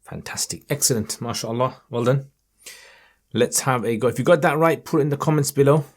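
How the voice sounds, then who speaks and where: A man with a mid-range voice teaches Quran reading in an online lesson, patiently encouraging his student. He models each verse by chanting it in a slow, melodic recitation tone that rises as he sings.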